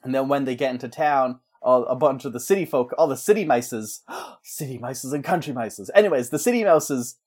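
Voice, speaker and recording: A man in casual chat, pitching a story in a rambling, jokey way and slipping into character voices. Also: fairly quick, darkish tone.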